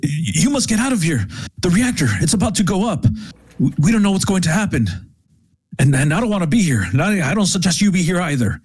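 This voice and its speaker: Panicked male worker fleeing, stammering, raised pitch, voiced by a man. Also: animated, fairly quick, darkish tone, slightly rough. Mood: frightened. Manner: stammering, urgent.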